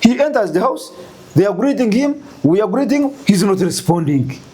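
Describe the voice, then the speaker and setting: A Ugandan man telling a story in an interview, animated and full of rhetorical questions. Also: sits high, moderate pace, a little hiss or hum. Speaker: guest.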